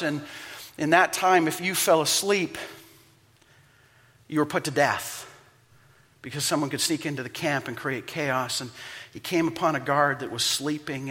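A man preaching a sermon as pastor, telling stories dramatically and swinging from hushed to loud and impassioned. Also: on the high side, long reverb tail. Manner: impassioned, dramatic storytelling with wide swings in loudness.

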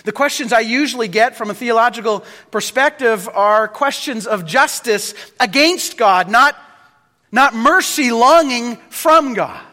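A man preaching a sermon as pastor, swinging between loud calls and hushed, low lines. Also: expressive, unhurried. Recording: reverberant hall.

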